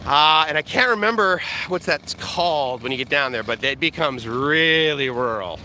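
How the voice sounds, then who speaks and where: Male vlogger, chatty and joking, very bright tone, faint traffic hum outside. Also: a little high, expressive, normal speed. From USA. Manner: rambling, joking, chuckling often. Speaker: vlogger, live-stream host. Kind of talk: live walk-and-talk chat. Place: outdoor seaside walkway. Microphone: camera on a selfie stick.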